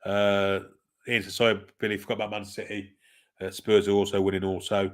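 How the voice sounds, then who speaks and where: A man hosting a live football watchalong, calling the play in a relaxed, wry way and chatting with viewers. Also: fairly low pitch, brisk. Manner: laid-back, chatty, wry. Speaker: watchalong host. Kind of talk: casual live match commentary, reading chat.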